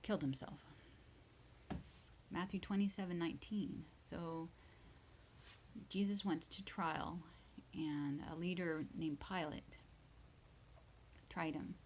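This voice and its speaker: A woman reading Bible verses aloud slowly and retelling each one in simple words for English learners, at times dropping to a whisper. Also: fairly low pitch, steady tone, slight background noise, rough recording. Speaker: English teacher.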